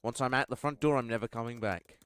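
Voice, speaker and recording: A man reading a text game aloud with wry commentary, swinging between deadpan narration and outbursts. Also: mid-range voice, quick pace, clear, resonant tone, no room sound. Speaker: game streamer.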